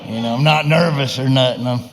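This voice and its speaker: A man's voice: mid-range voice, a little fast, slight background noise, natural voice. A man voicing a crude, drawling hillbilly tow truck as a talk-show guest.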